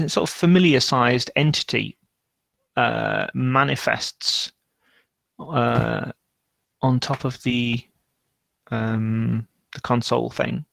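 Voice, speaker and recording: Slow gravelly game-master man. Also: medium pitch, fairly bright tone, dry recording. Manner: unhurried, searching for words. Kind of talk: narrating a tabletop game.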